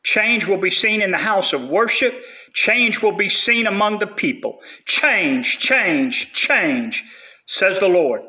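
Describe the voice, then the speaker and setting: A man's voice: high-pitched, lively intonation, normal speed, sharp tone. A man delivering a prophetic word with solemn, chanting repetition. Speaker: prophetic speaker.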